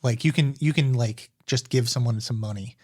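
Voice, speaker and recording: A man co-hosting a book podcast at a middle pitch. He tells animated stories and makes jokes at his own expense. His voice is dry and close to the mic. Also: normal speed, no room sound. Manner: animated storyteller, self-deprecating jokes. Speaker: podcast co-host. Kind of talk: casual book-club chat.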